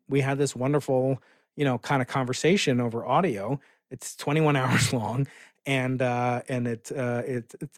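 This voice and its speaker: American guy rambling excitedly on a podcast, lots of uhs, medium voice, dead dry sound. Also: mid-range voice, no echo. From United States. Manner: enthusiastic, rambling with many fillers and restarts. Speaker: physicist guest. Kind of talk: casual interview storytelling.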